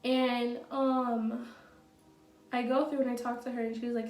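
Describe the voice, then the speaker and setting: Young woman vlogger, storytime vibes, kinda high voice, swears a lot, roomy echo, mic a bit far. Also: level tone, a little slow, a little mellow. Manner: chatty, many fillers, blunt and profane. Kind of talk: casual storytime. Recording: echoey room, from off the mic.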